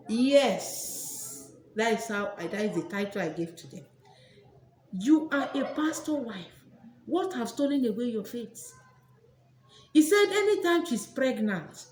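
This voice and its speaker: A woman hosting her channel, teaching in a sermon style, repeating phrases for emphasis and breaking into loud exclamations. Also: a little high, echoey room, slight background noise. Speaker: spiritual teacher, channel host.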